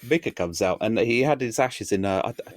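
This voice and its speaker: A man's voice: on the low side, expressive, brisk, dry recording. A young man co-hosting a podcast, telling a story casually and teasing his friend. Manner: teasing, builds stories with "right?". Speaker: podcast co-host.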